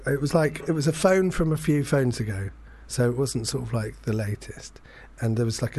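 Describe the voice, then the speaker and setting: A man in his thirties tells a long anecdote in an easy, rambling way. He keeps restarting his sentences and pokes fun at himself. His voice sits in an ordinary middle pitch. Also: darkish tone. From England. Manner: rambling, self-deprecating, many fillers and restarts. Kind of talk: casual chat, anecdote.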